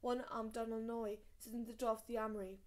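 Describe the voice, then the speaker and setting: A woman reading a fantasy novel aloud as an audiobook narrator, steady and measured. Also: fairly high pitch. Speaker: audiobook reader.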